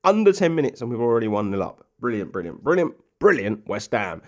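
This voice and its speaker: A man's voice: mid-range voice, sing-song, brisk. A young man casually commentating a football management game, chatty and rambling with plenty of ums and asides. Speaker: gaming commentator.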